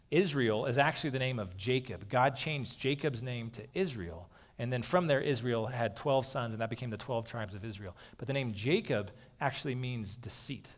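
A man giving a sermon in a casual, talking-it-through manner, his mid-range voice carried on the long reverb of a large hall. He often checks in with the listeners by saying "okay". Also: medium pitch. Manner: conversational, frequently saying "okay". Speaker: pastor.

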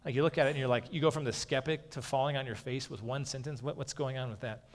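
A man's voice: medium pitch, fairly even intonation, quick pace. A man giving a sermon in a casual, talking-it-through manner, his mid-range voice carried on the long reverb of a large hall. He often checks in with the listeners by saying "okay". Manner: conversational, frequently saying "okay". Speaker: pastor.

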